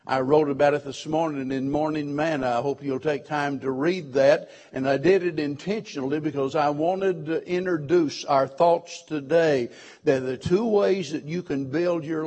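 A man preaching a sermon as pastor, slow and deliberate, drawing out words for emphasis. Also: on the high side, darkish tone.

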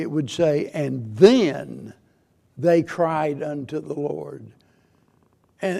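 A man's voice: fairly high pitch, vocal fry, a little mellow. A man preaching a church sermon with earnest, repetitive phrasing and frequent restarts. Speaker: pastor.

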